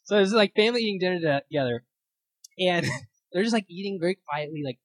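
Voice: mid-range voice, animated, quick pace, no echo, poor audio. A young adult leading a casual Bible study at a retreat, talking in a chatty way with lots of fillers, acting out quotes and laughing along with the stories. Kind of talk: casual teaching talk. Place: meeting room at a retreat.

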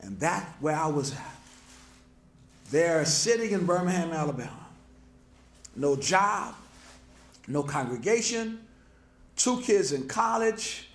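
High-voiced impassioned preacher. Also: male voice, very animated, slow pace, long pauses, roomy sound. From New Orleans, USA. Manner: impassioned preaching with repetitions and stammered restarts. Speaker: pastor. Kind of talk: sermon lecture. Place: lecture hall.

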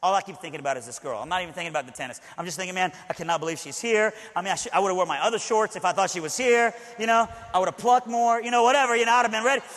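High-voiced man preaching in a hall. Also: rapid-fire, hardly any pauses, fairly bright tone. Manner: conversational, with frequent asides to the audience. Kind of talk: personal storytelling sermon. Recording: long hall reverb.

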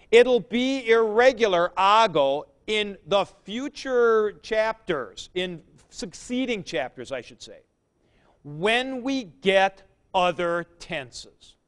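A man's voice: high-pitched, fairly bright tone, clear, resonant tone. A man lecturing a class on Greek verbs, drilling forms aloud and stressing key points. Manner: drills verb forms aloud, emphatic asides. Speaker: Greek teacher.

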